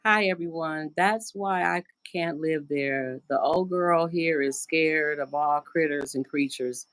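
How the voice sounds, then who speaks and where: A middle-aged American woman talks on a casual live stream from home in a low, deep voice. She rambles chattily and slips into the voices of the people she quotes. Her phone picks up a dry, close sound with no room echo. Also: slow. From United States. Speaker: livestream host. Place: at home indoors.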